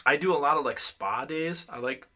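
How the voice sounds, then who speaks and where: A man's voice: fairly high pitch, brisk, sharp tone, slight background noise. A man in his thirties from Western New York, co-hosting a casual podcast and telling loose, profane stories. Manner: loose and profane, acts out stories with quoted voices. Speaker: podcast co-host. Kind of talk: casual chat.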